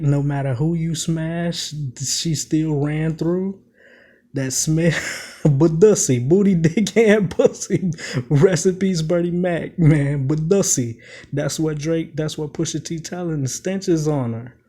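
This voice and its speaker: Male commentator with a somewhat high, mellow voice, casually and emphatically unpacking rap lyrics. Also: measured pace. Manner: emphatic, repeats quoted lines, keeps asking "you know what I'm saying".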